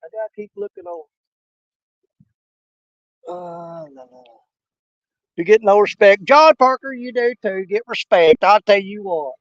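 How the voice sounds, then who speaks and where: A man's voice: high-pitched, animated, a little slow, long pauses, no echo, dull audio. An older man, casually chatting and joking with viewers while hosting a fishing livestream outdoors. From Missouri, United States. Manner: folksy, joking, laughs often. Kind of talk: casual live-stream chat. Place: outdoors on a river.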